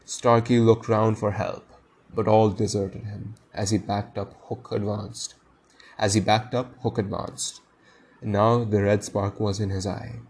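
A man reading a classic story aloud with animated delivery, pausing for brief casual asides. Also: lowish voice, breathy edge, low-quality recording. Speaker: reader.

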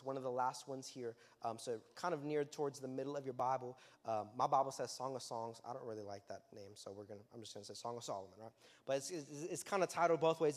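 Energetic youth pastor preaching in a reverberant hall. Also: male voice, on the high side. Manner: energetic, conversational, with sudden loud emphatic bursts. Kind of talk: sermon.

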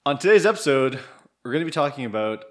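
A man co-hosting a podcast in casual chat, jokey and quick to laugh. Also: mid-range voice, sing-song, a bit bright. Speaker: podcast co-host.

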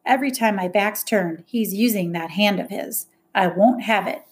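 A woman voicing an older, strict country schoolteacher who speaks in a sharp, indignant, prim way. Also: mid-range voice, moderate pace, lightly acted. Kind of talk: audiobook character voice.

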